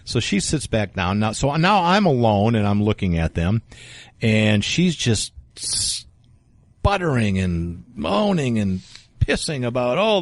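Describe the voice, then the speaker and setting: Gravelly, animated male podcast storyteller. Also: mid-range voice, slow pace, no room sound. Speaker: podcast co-host. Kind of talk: casual storytelling chat.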